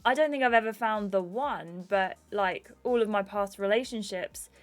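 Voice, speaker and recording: A woman's voice: mid-range voice, moderate pace, lightly acted. A woman reading as an earnest romantic young man.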